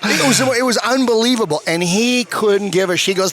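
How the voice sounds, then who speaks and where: A man in his fifties, a former hockey player, telling profane stories in a casual interview at a bar, animated and acting out quotes. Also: sits high, fairly quick, hardly any pauses, a little hiss or hum. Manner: animated, swears a lot, acts out quotes.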